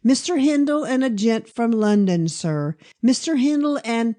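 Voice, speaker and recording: Eine Frau spielt eine plappernde alte Haushälterin. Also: female voice, on the high side, lively intonation, measured pace, mellow. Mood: fussing chatter. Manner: voluble, fussing. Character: chattering scruffy older village housekeeper woman. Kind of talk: audiobook character voice.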